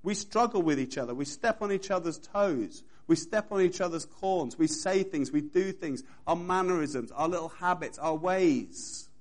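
A male preacher with a slightly higher-pitched voice delivers a sermon to his congregation. He leans on repetition and emphatic, rhythmic phrasing, addressing listeners directly. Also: lively intonation, moderate pace, few pauses.

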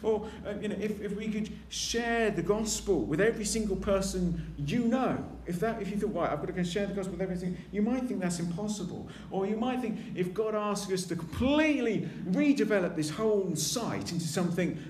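A man's voice: high voice, lively intonation, normal speed, hardly any pauses, darkish tone, echoey room, slight background noise. A man preaching a conversational sermon in a church, acting out quoted voices as he goes.

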